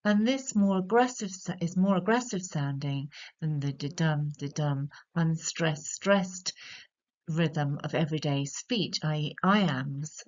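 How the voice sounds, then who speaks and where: Lower-voiced British woman explaining a poem. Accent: British English. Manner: measured, explanatory, slows to stress key words. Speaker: literature tutor. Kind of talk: recorded poetry analysis lesson. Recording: slightly dull lo-fi audio.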